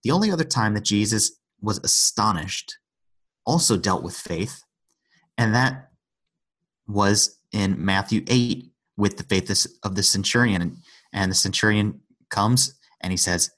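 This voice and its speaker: A man's voice: on the low side, a little slow, fairly bright tone. A man in an earnest conversational Bible discussion, retelling scripture stories and acting out the quotes.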